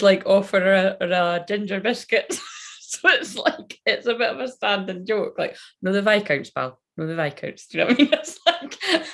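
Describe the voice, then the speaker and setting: Give me a young Scottish woman reading tarot live, chatty, with a low, gravelly voice. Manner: rambling, chatty, swears. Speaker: tarot reader. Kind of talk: casual livestream chat.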